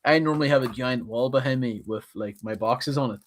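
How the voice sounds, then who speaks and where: A man's voice: medium pitch, fairly quick. Teasing male stream co-host. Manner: joking, teasing banter. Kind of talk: casual chat.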